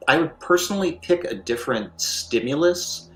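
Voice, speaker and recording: A man talking through game design ideas on a live stream, measured and leaning on "you know" fillers. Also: on the high side, lively intonation, echoey room, rough recording. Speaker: line developer and game designer.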